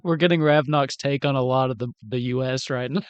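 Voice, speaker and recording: A man's voice: mid-range voice, fairly even intonation, fairly quick, smooth, no echo, muffled recording. A man playing a tabletop game, teasing and laughing and passing on comments from chat. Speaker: player.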